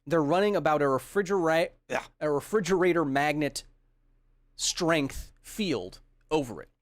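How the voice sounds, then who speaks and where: Studio quality with no echo, the recording captures a man's slightly high, animated voice at a somewhat slow pace. He hosts a science podcast's casual livestream Q&A, enthusiastically joking around and reading chat comments aloud as he responds to viewers.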